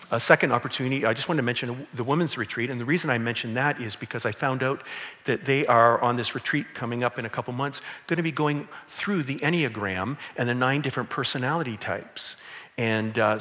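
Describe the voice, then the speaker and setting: A middle-aged man preaching to his congregation in a bright, forceful voice. He talks in a loose, conversational way and tells stories along the way. A long reverb from the big church hall trails behind him. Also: mid-range voice. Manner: conversational, storytelling, with playful acted quotes. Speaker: pastor. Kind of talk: sermon. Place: church sanctuary.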